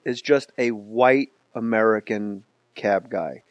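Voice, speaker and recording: A man hosting a podcast, cutting in with quick, playful jokes and asides. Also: lowish voice, no room sound. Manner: quick joking interjections, playful. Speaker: podcast host. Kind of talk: casual podcast banter.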